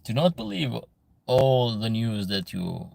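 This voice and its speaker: Gravelly man lecturing his chat. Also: medium pitch, very animated, takes it slowly, darkish tone, dry recording. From Albania. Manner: earnest, lecturing, broken English. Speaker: livestream host reading chat. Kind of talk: casual livestream chat.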